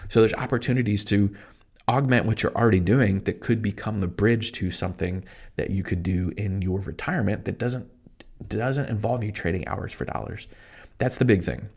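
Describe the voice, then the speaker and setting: A middle-aged man hosting a solo podcast, talking to listeners in an excited, emphatic, fast-paced way. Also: lowish voice, creaky, slightly rough. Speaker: podcast host. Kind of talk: solo motivational podcast monologue.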